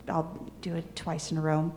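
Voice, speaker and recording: A woman voicing an obliging young man who answers quietly and easily. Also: sits low, flat delivery, normal speed, a little hiss or hum, lightly acted. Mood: agreeable.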